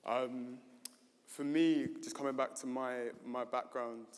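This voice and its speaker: A man's voice: medium pitch, steady tone, slow. A man speaking at a panel event, unscripted and hesitant, with many fillers and restarts. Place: gallery event stage. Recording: reverberant hall.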